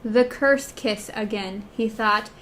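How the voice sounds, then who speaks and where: A woman's voice: fairly high pitch, slow pace, fairly bright tone, slight background noise. A woman co-hosting a casual book discussion podcast, comparing her edition and reading short bits in a hesitant way. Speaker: podcast co-host.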